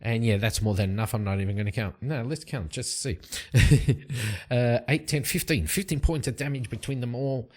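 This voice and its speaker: A man casually narrating his solo tabletop roleplaying game from his home study, relaxed and rambling. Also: mid-range voice, moderate pace. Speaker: solo tabletop game player and channel host.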